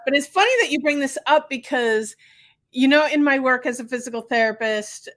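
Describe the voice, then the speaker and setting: A woman host talks in easy, chatty conversation, quick and earnest as she shares her own experiences. Her voice sits a little high for a woman. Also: fairly bright tone. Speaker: podcast host, physical therapist. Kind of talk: casual conversation.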